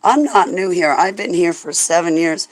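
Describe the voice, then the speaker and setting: A woman's voice: fairly low pitch, normal speed, low-quality recording. A woman hosting a rambling livestream chat with viewers, emotional and profane, often laughing, and at times praying aloud. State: stressed. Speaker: livestream host.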